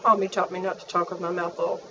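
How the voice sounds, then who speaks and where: A woman's voice: fairly low pitch, flat delivery, fast, distant mic, noisy background. A woman chatting in a playful, gushing manner as she reviews things for her viewers. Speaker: vlogger. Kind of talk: casual chat. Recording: dull, faint, off-mic home recording.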